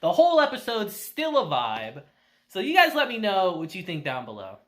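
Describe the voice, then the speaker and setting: At a moderate pace, a man gives a laid-back, chatty review of an anime episode. Bright and forward in tone, he lets his pitch bounce all over as he performs the characters' dialogue, laughing frequently and swearing casually along the way.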